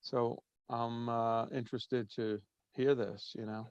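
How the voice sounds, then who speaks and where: Speaking slowly and flatly at medium pitch, this drummer guest has a clear, resonant, slightly mellow voice. He's relaxed in casual interview talk, wandering off with plenty of fillers. There's no room sound, though the audio is a little muffled, as if over a remote call.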